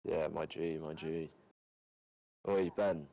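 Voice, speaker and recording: Deep streamer, crude slangy trash talk with mates on chat. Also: male voice, fairly even intonation, slow pace, creaky, mellow, dull audio. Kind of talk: casual banter with friends on voice chat.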